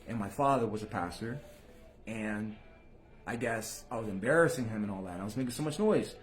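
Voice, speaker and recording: On his own channel, a man talks casually to viewers in street slang, swearing freely. He speaks fairly quickly, swinging from low mutters to loud bursts.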